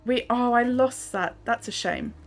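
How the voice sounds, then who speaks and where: Soft music plays behind this young Australian streamer as she games and chats casually with her audience. She laughs a lot and reads chat messages aloud in a higher, slightly slow voice.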